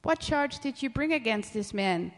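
A woman reading a loud angry crowd. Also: on the high side, animated, moderate pace, long reverb tail, pitched above the performer's own voice, lightly acted. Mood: insistent. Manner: loud, insistent. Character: angry crowd of accusers, men.

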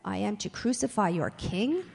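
A woman's voice: mid-range voice, expressive, moderate pace, creaky, a little mellow, husky, in a large hall. A woman voicing an uneasy, impatient Roman governor in a scripture reading, with a raised, questioning tone. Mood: pressing.

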